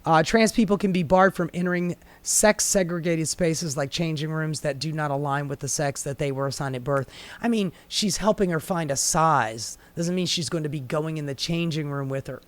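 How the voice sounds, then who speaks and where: A man's voice: on the high side, moderate pace. A man giving heated, sarcastic commentary on a news story, swearing freely and mocking the people involved. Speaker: commentary host.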